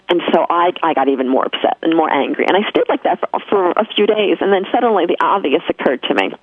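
A woman's voice: on the low side, expressive, quick pace, few pauses, breathy edge, no room sound. A woman with a New York accent, telling a personal spiritual story as an interview guest, earnest and emphatic with frequent restarts. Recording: tinny phone line, dry.

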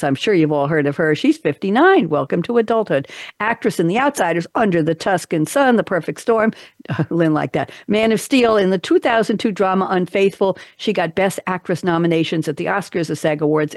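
A woman hosting a talk show in casual chat, upbeat and chatty, reading out trivia with quick asides. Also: on the low side, expressive, dry recording, studio quality.

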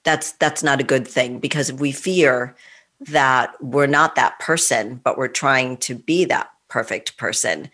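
A woman's voice: a bass voice, measured pace, fairly bright tone. A woman hosting a podcast interview, asking friendly, curious questions in a conversational way. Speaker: podcast host.

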